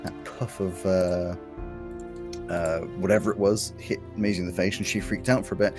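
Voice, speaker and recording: Man game master, low voice, rambling narration, self-correcting, music in the background. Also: level tone, moderate pace.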